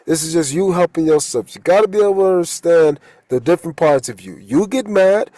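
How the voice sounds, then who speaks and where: A man giving a casual, profane talk as a holistic coach and tarot reader, loose and quick to laugh at his own jokes. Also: on the high side, animated, warm tone, no room sound, low-quality recording.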